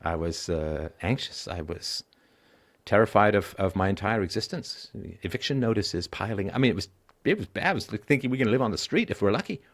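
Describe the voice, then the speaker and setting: Hosting a call-in show, a middle-aged man tells blunt, profane stories from his own life at a fairly quick pace. His intonation is lively, dipping into low weariness and then climbing to loud emphasis.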